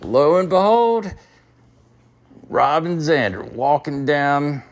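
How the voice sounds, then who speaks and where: Southern guy calling in to tell a story, slow and raspy, really drags it out. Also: a little high. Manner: drawn-out, animated storytelling. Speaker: caller telling a story. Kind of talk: casual storytelling.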